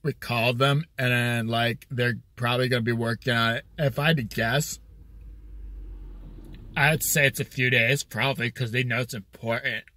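Man doing a vague, bored young gym manager, low-key and hesitant. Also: fairly even intonation, moderate pace, sharp tone, no room sound, natural voice. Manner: vague, hesitant, full of likes.

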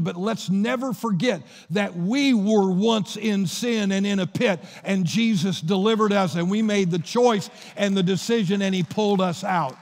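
A pastor preaches in a high, gravelly voice, telling Bible stories scene by scene. His sermon rings through a church hall with a long, trailing reverb. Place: church sanctuary.

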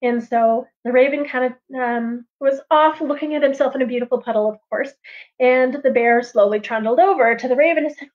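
A woman storyteller telling a traditional tale on a livestream in a lively, chatty way, with casual asides. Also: high voice, fairly quick. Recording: dull lo-fi livestream audio.

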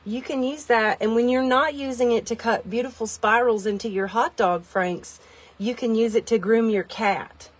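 A woman vlogging a chatty product demo from inside a tiny car, rambling, self-deprecating and easily excited. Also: fairly high pitch, normal speed, slightly rough.

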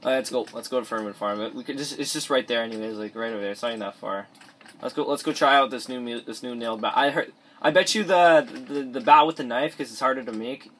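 A teenage boy talks at a quick pace in a mid-range, slightly bright male voice, rambling through let's play gameplay commentary. He restarts sentences often and mumbles asides while playing in his bedroom. His cheap or device mic adds a little hiss or hum.

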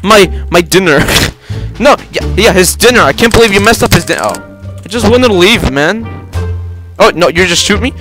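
A young man giving casual gameplay commentary, excitable, yelping and repeating himself. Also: sits high, normal speed, music in the background. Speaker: gameplay video host.

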